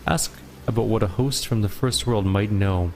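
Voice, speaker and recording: A playful, ancient fey host delivers riddles in a slow, formal, solemn cadence, voiced by a man. His voice sits fairly low, and game music plays clearly behind it. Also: a little mellow, close to an everyday voice. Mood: riddling.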